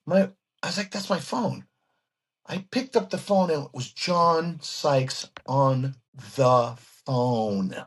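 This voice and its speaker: A man who is a guest musician telling stories in an interview, excitable and animated, acting out what other people said. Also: mid-range voice, slow, slightly rough. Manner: excitable, acts out quoted voices, frequent restarts.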